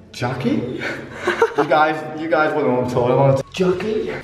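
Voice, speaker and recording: A man's voice: on the high side, animated, slow, very noisy. A young man hosting an exploring vlog, joking playfully with mock-serious asides as he films in a bunker tunnel. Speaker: urban explorer host. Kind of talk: casual vlog chat. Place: underground wartime bunker tunnel. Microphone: camera held close. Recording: echoey tunnel with long reverb, faint music.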